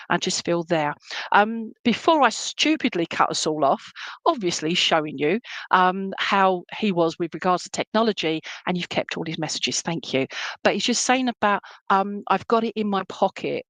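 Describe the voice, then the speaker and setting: A woman medium gives clairvoyant readings at an online church service, chatty and affectionate, with plenty of endearments. Her voice sits on the low side and sounds dry and close, with no room around it. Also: no room sound. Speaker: spiritualist medium. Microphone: online stream.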